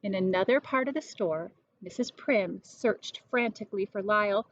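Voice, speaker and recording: A woman reading a children's storybook aloud in an expressive, lively way. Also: medium pitch, normal speed, few pauses, dry recording, muffled recording.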